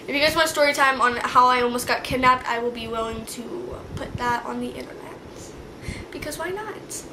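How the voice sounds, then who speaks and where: A young woman talks straight to her viewers in a storytime vlog, her voice high and bright. She acts out every quote in a slangy, animated way. There is a faint hiss of noise in the room behind her. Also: low-quality recording. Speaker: vlogger. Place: indoor room.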